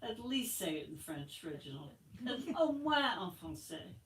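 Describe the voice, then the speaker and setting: A woman's voice: lowish voice, sing-song, a little slow, slight background noise. Woman reading as a prim French teacher. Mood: prim coaxing. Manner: patient, coaxing. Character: prim female high school French teacher. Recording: echoey room from far off.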